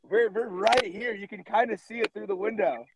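A man's voice: high voice, normal speed, noisy background. A male musician guest in a casual interview, laid-back and enthusiastic with slangy talk.

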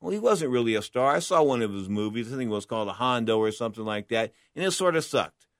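A man's voice: medium pitch, lively intonation, fast, no room sound, clean studio sound. A man talking boxing history in a blunt, emphatic monologue, often asking and answering his own questions. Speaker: boxing commentator. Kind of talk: opinionated monologue.

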